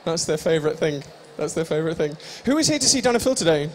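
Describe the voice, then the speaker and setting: A man's voice: a little high, sing-song, fast, a little hiss or hum. A young man hosting a live stage show, joking and teasing the audience in improvised comic banter. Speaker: stage host at a live fan convention.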